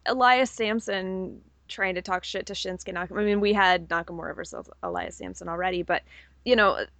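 A woman's voice: mid-range voice, a little fast, a bit bright, dry recording. A woman co-hosting a podcast, giving an enthusiastic, opinionated casual recap. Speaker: podcast co-host. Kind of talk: casual wrestling recap chat.

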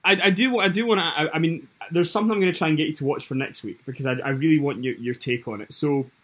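Male podcast co-host, a little high and breathy, casual halting chatter. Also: fairly bright tone. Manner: chatty, halting, restarts mid-thought.

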